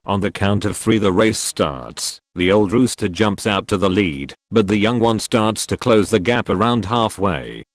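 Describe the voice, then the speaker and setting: A man narrating a compilation of jokes in an expressive storytelling manner. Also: on the low side, measured pace, hardly any pauses, dry recording. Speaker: joke narrator. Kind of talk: scripted joke narration.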